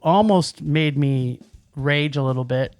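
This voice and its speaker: A man's voice: a little high, measured pace, darkish tone, faint music behind. A man co-hosting a movie podcast in casual chat, rambling with restarts and laughs. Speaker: podcast co-host.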